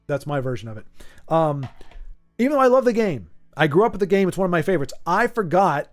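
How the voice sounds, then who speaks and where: Lively, playful man chatting. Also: a little high, fast, faint music behind. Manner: playful, rambling, laughs easily. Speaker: streamer. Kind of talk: casual chat while playtesting a card game.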